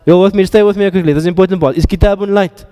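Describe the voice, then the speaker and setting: A man teaching an Arabic grammar class, quizzing his students with quick drills and joking asides. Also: high-pitched, fairly even intonation, warm tone, clean tone, big-room sound.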